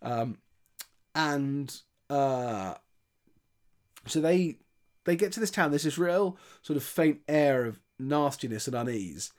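A man's voice: mid-range voice, expressive, slow. A man chatting casually, retelling a film's plot with many restarts and quoted lines. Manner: chatty, rambling, with frequent restarts and voiced quotes. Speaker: podcast film reviewer.

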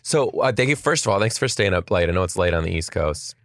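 A man hosts a comedy podcast with loud, joking patter and plenty of swearing. His voice is low, and the recording is dry and close. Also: fast talker, no echo. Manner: energetic, profane, jokey. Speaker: podcast host. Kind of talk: casual chat.

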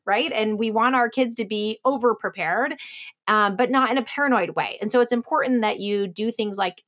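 A middle-aged woman, a guest in an interview, explaining at length in a casual way with frequent fillers and restarts. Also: mid-range voice. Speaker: guest, former intelligence officer and author.

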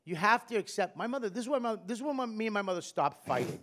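A middle-aged man with a high, lively voice swinging up and down as he tells a story. He swears freely and talks with big, animated energy in a casual comedic chat. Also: quick pace.

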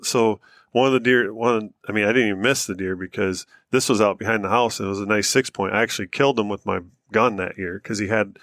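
Low-voiced American man, relaxed. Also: dry recording, clean studio sound. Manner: relaxed, rambling, laughs while telling. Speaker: podcast co-host. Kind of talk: casual storytelling chat.

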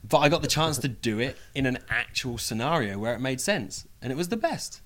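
A young British man talking casually as an interview guest, joking and pausing often with "um". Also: medium pitch, animated, fairly bright tone. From United Kingdom. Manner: chatty, jokey, many "um" pauses.

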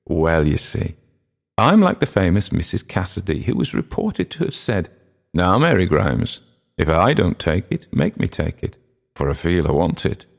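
A man's voice: deep voice, big pitch swings, normal speed, gravelly, heavily acted. A man voicing a jovial, tipsy older man who speaks in a Dublin accent and slips into wheedling comic mimicry. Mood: sly.

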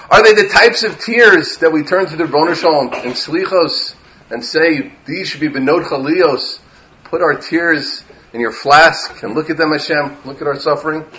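Rabbi for a short Torah talk: a man with a fairly high voice who gets impassioned and builds to emphatic peaks, on a slightly dull recording. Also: bright, forceful tone, a little hiss or hum. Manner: impassioned, rising to emphatic peaks, mixing Hebrew and Yiddish terms. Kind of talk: Torah lecture.

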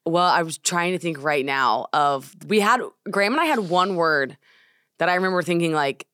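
A woman's voice: lowish voice, animated, normal speed, a bit bright, dry recording, clean studio sound. A young woman co-hosting a podcast, chatting playfully and laughing often. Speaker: podcast co-host. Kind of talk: casual chat. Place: studio.

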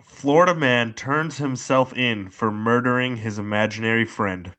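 A man co-hosting a casual podcast, deadpan as he tells an odd news story. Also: medium pitch, normal speed. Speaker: podcast co-host.

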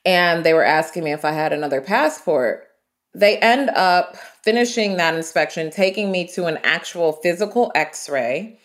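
A woman from the United States, a traveler and interview guest, telling her travel stories in an animated, vivid way. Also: on the low side, normal speed. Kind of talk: storytelling in an interview.

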